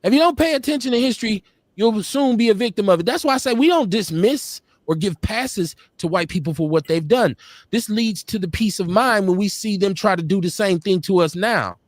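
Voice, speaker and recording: A man's voice: sits high, brisk, no echo, clean studio sound. A man co-hosting a live-stream talk show, talking casually with a blunt, profane, laughing manner. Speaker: podcast co-host. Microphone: streaming call.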